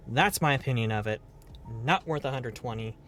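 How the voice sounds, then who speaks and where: A man's voice: medium pitch, normal speed, a bit bright, faint music behind. A man streaming a game live, chatting casually in a rambling, playful way and swearing now and then.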